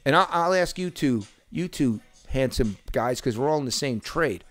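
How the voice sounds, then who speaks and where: A man's voice: mid-range voice, animated, moderate pace, hardly any pauses, fairly bright tone, faint music behind. A man in his fifties telling profane, boisterous sales stories in a casual podcast chat. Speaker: podcast host.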